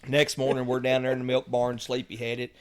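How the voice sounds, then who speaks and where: A man's voice: medium pitch, brisk, clean tone. Man spinning laughing yarns. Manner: lively anecdotal, chuckles through punchlines. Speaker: podcast guest. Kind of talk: casual storytelling.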